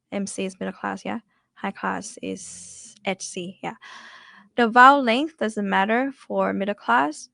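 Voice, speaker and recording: A woman's voice: mid-range voice, creaky, a bit bright, no room sound, studio quality. A young woman with a Thai accent teaches language tones in a chatty way, repeating words as drills. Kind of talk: online language lesson.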